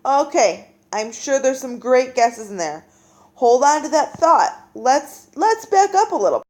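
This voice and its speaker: A woman's voice: high voice, unhurried. A woman teacher giving a classroom reading lesson, talking to her students and acting out the voices they hear in their heads. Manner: animated, acts out inner voices.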